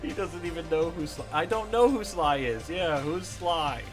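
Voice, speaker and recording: With game music playing behind him, this streamer talks casually at a moderate pace in a voice on the high side. He reads viewer messages aloud and frequently bursts into laughter and exclamations.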